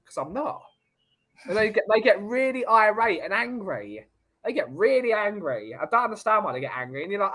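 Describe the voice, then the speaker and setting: A man hosting a laid-back podcast, telling rambling jokey stories. His voice sits a little high for a man. He talks in a loose, chatty way. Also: sing-song, a little fast, fairly bright tone. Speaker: podcast host. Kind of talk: casual chat.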